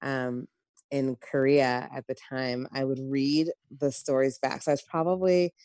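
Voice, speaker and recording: A woman's voice: extremely low pitch, steady tone, a little slow, a little mellow, no room sound. A woman hosting a casual group conversation, friendly and encouraging as she invites others to speak.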